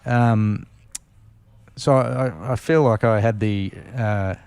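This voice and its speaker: A man's voice: lowish voice, steady tone, slow pace, vocal fry, darkish tone, clean tone, no room sound. A man, a former racing driver, telling long anecdotes as a podcast guest, with many fillers and restarts. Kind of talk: casual storytelling interview.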